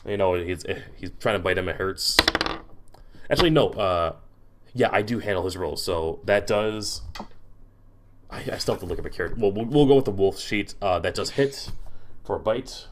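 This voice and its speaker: Low-voiced man running a tabletop game. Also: noisy background. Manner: halting, many restarts and fillers. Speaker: game master. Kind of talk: narrating a tabletop game online.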